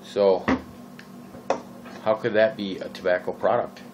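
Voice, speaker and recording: A man's voice: on the low side, little pitch movement, a little slow, lo-fi sound, noisy background. A man from Minnesota with a Minnesotan accent, rambling casually in his vlog, full of fillers and exasperated questions. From Minnesota, USA. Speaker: vlogger. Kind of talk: casual vaping vlog rant.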